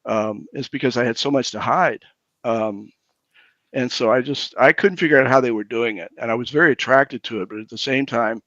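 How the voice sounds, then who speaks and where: A man's voice: medium pitch, a bit bright, dry recording, muffled recording. A pastor in his sixties telling his own recovery story candidly, often stumbling and restarting his words. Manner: halting, repeats words as he restarts.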